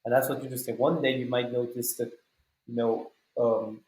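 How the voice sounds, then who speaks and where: A man's voice: medium pitch, level tone, a little mellow. Man asking long, winding questions in an echoey room. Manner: measured, long winding questions with many fillers. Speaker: podcast host. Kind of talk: conversational podcast interview.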